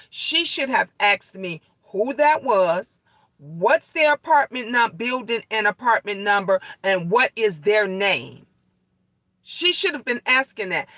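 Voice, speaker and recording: Middle-aged woman, casual vlog rant; forceful, bright voice, profane and repetitive, dry close recording. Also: on the high side, no echo, poor audio. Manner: heated, blunt and profane, repeating her points. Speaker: leasing office worker vlogging on her lunch break.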